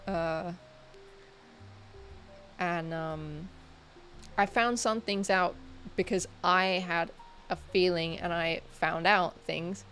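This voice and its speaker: A woman's voice: lowish voice, steady tone, slow pace, pauses often, fairly bright tone, faint music behind. A woman streaming and chatting casually with her viewers. She rambles and hesitates, with lots of fillers and restarts. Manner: talks to chat viewers. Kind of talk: casual livestream chat.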